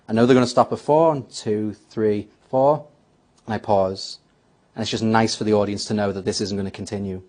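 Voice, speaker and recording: Guy teaching a magic trick, calm steady voice, goes step by step and says his patter lines like he's doing it live. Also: mid-range voice. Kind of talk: spoken tutorial.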